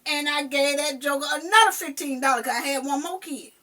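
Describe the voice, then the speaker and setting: A mother telling a personal story in casual chat, emphatic and animated, swearing now and then. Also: high voice, fairly quick, distant mic.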